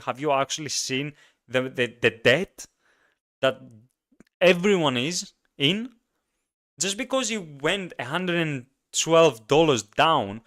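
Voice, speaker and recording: A man's voice: medium pitch, fairly bright tone, clean tone. A man hosting a casual solo podcast, speaking emphatically and ranting with frequent repeats. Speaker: podcast host.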